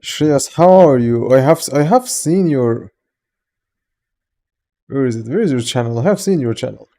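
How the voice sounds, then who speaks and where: A Farsi-speaking man with a Persian accent chats loosely on a live stream, greeting viewers one by one and joking and swearing casually. His warm, mellow voice has a natural mid-range pitch, and he's expressive at a normal speed.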